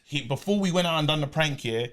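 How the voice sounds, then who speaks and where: A young man co-hosting a podcast, chatting eagerly and backing his co-host with quick agreements. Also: on the high side, lively intonation, a bit bright. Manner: eager, chatty, backs the other host with rapid yeahs. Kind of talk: casual chat.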